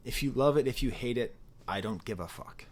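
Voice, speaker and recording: A man giving a casual, rambling spoken album review, animated and prone to interrupting himself. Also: mid-range voice, a little fast. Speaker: music reviewer.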